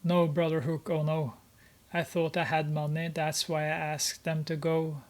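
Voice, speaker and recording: A pleading young woman in trouble begs in a flat, slow voice, as a gamer reads out her subtitles. The pitch barely moves. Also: natural voice.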